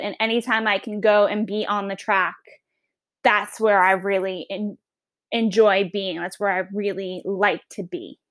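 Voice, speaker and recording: A woman's voice: mid-range voice, fairly bright tone. A woman with a Long Island accent, a history teacher giving a chatty, upbeat podcast self-introduction. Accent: Long Island New York. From New York.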